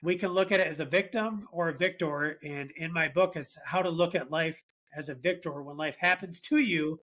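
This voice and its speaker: A man as a podcast guest, telling a personal faith story in an earnest, animated way. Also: fairly high pitch, moderate pace. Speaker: podcast guest, business founder. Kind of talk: conversational storytelling interview.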